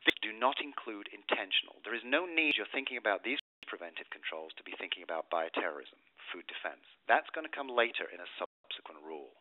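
A man's voice: on the low side, animated, fairly quick, few pauses, dry recording. A man presenting a food safety webinar, explaining the rules point by point with firm emphasis. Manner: emphatic, walks through points step by step. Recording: dry, narrow phone-line sound.

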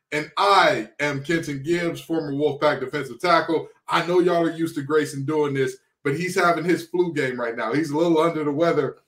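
Brief: excitable man on a sports podcast, higher voice, roomy echo. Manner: animated, preacher-like exhortations, playful trash talk. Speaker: podcast co-host, former college football player.

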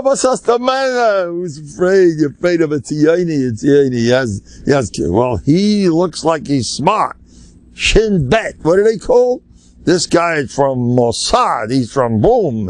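An older man, a rabbi, giving an animated, rambling Torah lecture full of Yiddish and Hebrew terms. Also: fairly high pitch, takes it slowly, no room sound.

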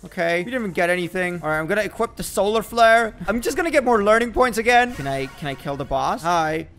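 A man giving excitable, jokey let's-play commentary, trash-talking and reacting loudly as he plays. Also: high voice, quick pace, faint music behind. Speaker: gaming YouTuber.

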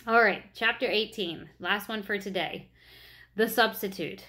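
A woman reading a children's chapter book aloud, with expressive narration. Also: medium pitch, a little slow. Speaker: reader.

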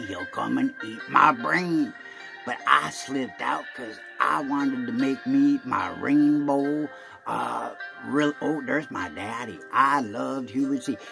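A man's voice: medium pitch, gravelly. A man rambling through a playful homemade video sermon, slipping into pirate talk. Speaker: video preacher.

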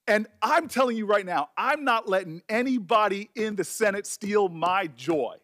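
An impassioned middle-aged man speaks at a formal hearing, his voice sitting higher than most men's. He talks with deep emotion and keeps stumbling and restarting his words as feeling catches up with him. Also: animated, normal speed, fairly bright tone. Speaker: senator. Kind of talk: speech at a hearing.

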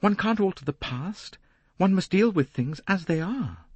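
A man's voice: sits high, lively intonation, a little slow, husky, dry recording, dull audio, voice pushed up, exaggerated voice. A man reading an audiobook voices a proud, defensive rich young English woman, clipped and indignant. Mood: pleading.

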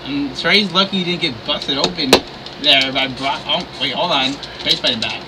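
A man's voice: on the high side, normal speed, far from the mic, noisy background. A man streaming a wrestling video game, calling the action and swearing as he complains about the game. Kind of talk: livestream play-by-play commentary.

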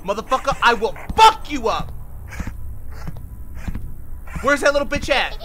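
A man doing excitable, profane let's play commentary on a horror game, yelling at the game and talking to viewers as "y'all". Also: extremely high pitch, a little fast, a little hiss or hum. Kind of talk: casual gameplay commentary. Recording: game music loud behind the voice. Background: horror game music.

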